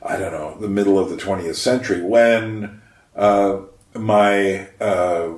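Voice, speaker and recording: A man talking about history in a casual, reflective monologue, thinking aloud with frequent pauses. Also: deep voice, steady tone. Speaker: history vlogger. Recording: roomy echo, mic at a distance.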